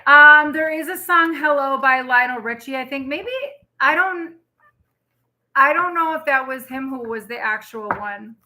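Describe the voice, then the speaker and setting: A young woman talks through a tarot reading for her viewers in a loose, rambling way, full of fillers and quick feeling. Her voice is bright and sits a little high. She sounds chatty and emotional. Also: a little hiss or hum. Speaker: tarot reader.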